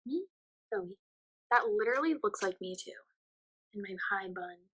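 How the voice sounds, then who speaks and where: Gushing young woman, breathy and bright. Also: fairly high pitch, expressive, normal speed, long pauses, rough recording. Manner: gushing, often drops to a whisper. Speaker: friend opening gifts. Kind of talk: casual unboxing talk.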